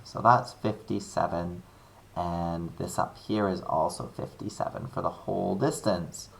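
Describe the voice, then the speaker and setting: Low-voiced, chatty male maths teacher. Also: vocal fry, a bit bright. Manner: chatty and upbeat, thinking aloud with playful asides. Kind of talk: screen-recorded maths lesson.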